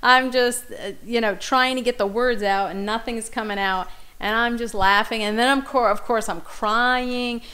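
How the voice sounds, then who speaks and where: A woman's voice: a little high, steady tone, normal speed, bright, forceful tone, poor audio. A middle-aged woman co-hosting a podcast, telling family stories in casual chat and laughing often. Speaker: podcast co-host.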